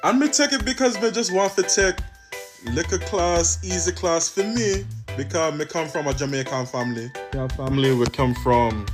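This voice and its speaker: Young man from New York over music. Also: on the high side. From Long Island, New York. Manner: light, trying out patois phrasing. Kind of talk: casual vlog. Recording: music playing behind.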